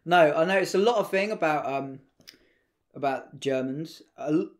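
A man's voice: a little high, normal speed. An English man, a podcast co-host, chatting casually with friends, swearing freely and acting out exaggerated voices in his stories. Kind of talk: casual banter among friends.

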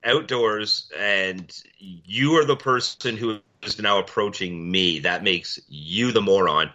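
Male podcast co-host, profane and blunt, forceful edge, muffled lo-fi sound. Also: slow. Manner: blunt, profane storytelling, mimics people in loud high voices. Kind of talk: casual chat. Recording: dull lo-fi audio.

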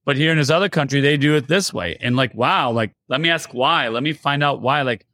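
Man, podcast host, from the US, mid-pitched, loose chatty rambling. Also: a little fast, pushed and bright. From United States. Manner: rambling, many fillers like "like". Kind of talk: casual podcast interview.

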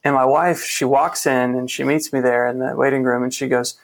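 Gravelly man telling his story earnestly. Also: medium pitch, flat delivery, normal speed. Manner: earnest, reflective, with frequent restarts and quoted dialogue. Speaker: interview guest. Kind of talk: personal storytelling in a conversation.

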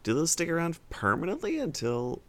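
A man's voice: fairly high pitch, huge pitch swings, brisk, a bit bright, dry recording. A man playing a tabletop role-playing game, asking rule questions with playful, teasing banter. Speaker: player.

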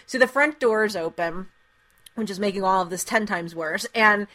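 A woman's voice: medium pitch, moderate pace, pushed and bright. A woman co-hosting a podcast, telling a story in casual chat, laughing often and filling with "like". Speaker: podcast co-host.

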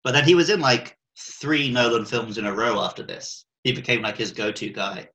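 A man's voice: medium pitch, normal speed, pushed and bright, rough recording. A man co-hosting a film podcast, telling stories animatedly and slipping into playful quoted voices. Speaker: podcast co-host. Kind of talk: casual film podcast chat.

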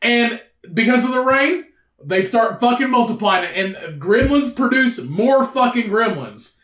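A man's voice: very high-pitched, expressive, unhurried, a bit bright, echoey room. A man co-hosting a podcast, telling a profane, rambling story in casual banter and laughing often. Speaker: podcast co-host. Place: room indoors.

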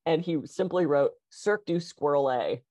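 A woman co-hosting a podcast, telling stories in an animated, laughing way. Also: sits low, normal speed, no echo. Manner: animated, laughing, bouncy storyteller. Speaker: podcast co-host. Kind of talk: casual chat.

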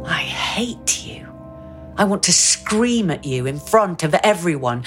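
A woman's voice: fairly low pitch, fairly bright tone, heavily acted. A woman actor delivering a scripted first-person dramatic monologue in an intimate, brooding way.

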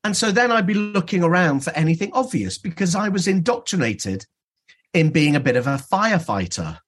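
A dentist being interviewed on a podcast, telling stories in an animated way and acting out dialogue. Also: male voice, fairly high pitch, moderate pace.

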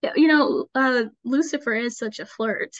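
A woman hosts a casual interview, her voice sitting somewhat high. She chats loosely, leaning on fillers and quick agreement. The recording is a little muffled and dry, with no room echo. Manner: chatty, frequent fillers and affirmations. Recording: dull, slightly lo-fi dry sound.

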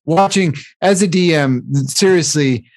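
A man's voice: a little high, a little slow, no echo. A man co-hosting a casual podcast about tabletop gaming, rambling and laughing at himself. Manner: rambling, laughs often, self-deprecating. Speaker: podcast co-host, dungeon master. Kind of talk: casual chat.

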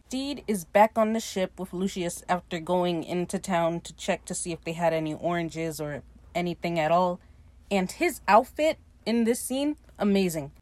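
Casual podcast host, woman, dry mic, animated retelling. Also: fairly low pitch, no echo. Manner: animated, acts out characters' lines while retelling. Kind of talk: casual episode recap.

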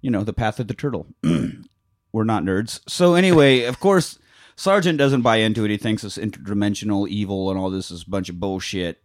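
A man's voice: on the low side, a little fast, dry recording, clean studio sound. A man co-hosting a podcast, recapping a film in a casual, joking, profane way. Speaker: podcast co-host. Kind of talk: casual movie recap chat.

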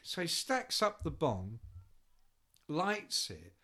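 Brief: male storyteller, casual and sweary, voice slightly raised, pitch swinging widely as he acts out voices. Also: slow pace. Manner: animated storyteller, swears freely, acts out other people's voices. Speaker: podcast guest telling road stories. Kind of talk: casual chat, anecdote telling.

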